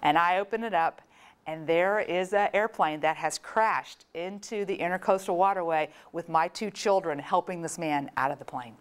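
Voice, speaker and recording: A woman from Florida giving a storytelling talk, animated and acting out the voices of people in her story. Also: on the low side, normal speed, clean tone. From Florida, USA. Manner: animated, acts out quoted voices. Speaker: speaker.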